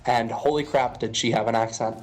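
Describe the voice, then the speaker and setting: A young adult man from Western Pennsylvania streams and rambles jokily through a casual chat, full of fillers. His mid-range voice is brisk with fairly even intonation, and faint music plays behind him.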